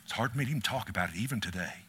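A middle-aged male pastor preaching a sermon, swinging from loud calls to hushed, quiet storytelling. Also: lowish voice, lively intonation, rapid-fire, husky.

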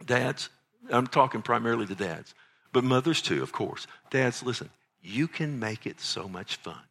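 Lively pastor preaching. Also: male voice, mid-range voice, moderate pace, vocal fry. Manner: animated, rhetorical questions, acts out child's voice. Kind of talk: sermon. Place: church sanctuary.

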